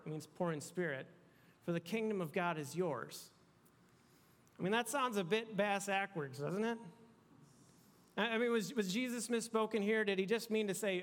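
A man's voice: sits high, moderate pace, long pauses. A man preaching a sermon to a young crowd in a casual, conversational way, often restarting his words. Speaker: youth pastor. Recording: long hall reverb.

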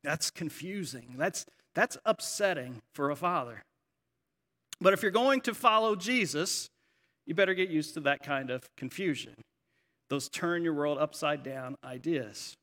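Middle-aged guy preaching, lively storytelling, echoey church hall. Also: a little high, unhurried. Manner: animated storytelling. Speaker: pastor. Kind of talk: sermon. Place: church sanctuary.

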